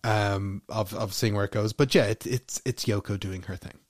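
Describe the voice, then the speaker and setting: A man's voice: fairly low pitch, fairly even intonation, normal speed, no room sound, studio quality. A man co-hosting a podcast, chatting casually and musing his way wryly through his points. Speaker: podcast co-host. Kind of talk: casual chat.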